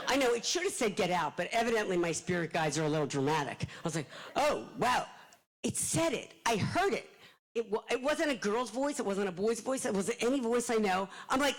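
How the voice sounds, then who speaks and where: A middle-aged woman, an author, telling animated, self-deprecating stories to a live audience and acting out the quotes. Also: mid-range voice, brisk, rough recording. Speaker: author speaking at a library event. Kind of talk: storytelling talk to a live audience.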